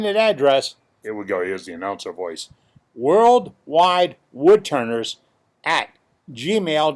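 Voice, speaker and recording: Folksy guy hosting a club video, kinda high voice, bounces up and down a lot. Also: darkish tone. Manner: folksy, emphatic, repeats points. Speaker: woodturning club host. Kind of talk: casual video announcement.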